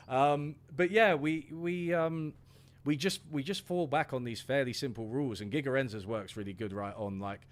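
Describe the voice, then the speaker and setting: A man's voice: medium pitch, normal speed. A man, a guest talking through an economics idea in a loose, rambling way with restarts and fillers. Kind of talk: casual discussion.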